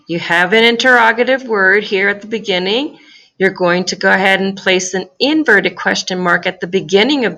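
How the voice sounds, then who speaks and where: A woman's voice: mid-range voice, bright, forceful tone. A woman teacher explaining grammar in a recorded lesson, patient and careful, repeating key phrases and speaking. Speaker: Spanish teacher.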